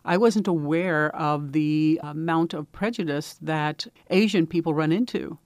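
A woman's voice: low-pitched, unhurried, darkish tone, no room sound, clean studio sound. Earnest Midwestern woman telling stories. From Indiana, US. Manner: earnest storytelling with quoted voices. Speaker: speaker sharing personal views. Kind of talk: reflective personal talk.

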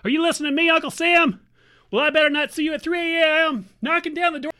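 A woman's voice: sits high, steady tone, quick pace, pushed and bright, pitched above the performer's own voice. A woman playing a nagging, sarcastic niece. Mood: scolding. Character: exasperated woman scolding her warmongering uncle. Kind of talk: satirical radio monologue.

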